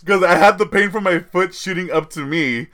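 A man's voice: sits high, fairly quick, pushed and bright. Rambling, laughing young male podcast host. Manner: rambling, laughs often, tells stories animatedly. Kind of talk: casual chat.

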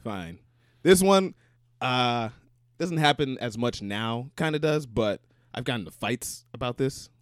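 A young man co-hosting a casual podcast chat, telling stories with quick, animated asides. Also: mid-range voice, smooth, no echo, clean studio sound. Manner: fast, animated storytelling with asides. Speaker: podcast co-host.

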